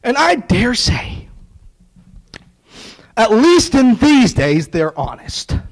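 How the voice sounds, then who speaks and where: A man's voice: extremely high pitch, big pitch swings, takes it slowly, rough recording. A man preaching a sermon, retelling a story with acted-out dialogue and sarcastic asides.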